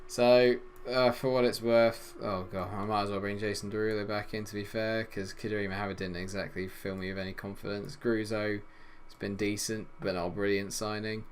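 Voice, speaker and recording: A young man commentating on his football management game, swinging between loud exasperation and low grumbling. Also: level tone, a little fast, few pauses, a little hiss or hum. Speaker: gaming YouTuber.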